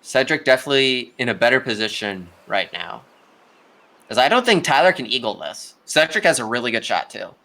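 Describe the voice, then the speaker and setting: A man's voice: medium pitch, very animated, brisk, pushed and bright. A young man giving casual live play-by-play commentary on a video game golf tournament, chatty and talking straight to the players.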